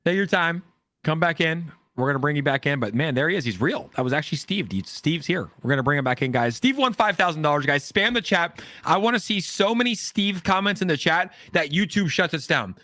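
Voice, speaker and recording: A man hosting a livestream from his home, chatting excitedly and repeating himself to rally the viewers. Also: fairly high pitch, fairly quick, dry recording. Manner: hyped, repetitive, shouts out chat. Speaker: livestream host. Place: home in Orange County.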